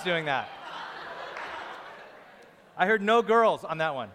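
A man's voice: a little high, big pitch swings, takes it slowly, fairly bright tone, a faint crowd, slight background noise. A man preaching a sermon, conversational and joking with the congregation. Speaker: pastor. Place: church hall. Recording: long hall reverb.

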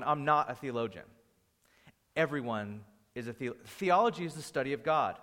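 A man's voice: on the high side, a bit bright, long reverb tail. A man teaching a Bible class as a pastor. He talks in a conversational way, with restarts and anecdotes. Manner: conversational, restarts and anecdotes, rising energy when storytelling.

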